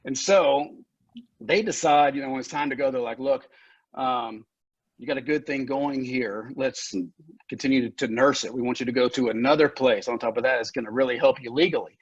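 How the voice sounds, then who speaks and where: On a dull, lo-fi podcast recording with no echo, a recovery center founder appears as a guest and opens up about his recovery. He is candid and profane, laughs frequently, and has emotional moments. His mid-range voice runs a little fast and sounds slightly rough.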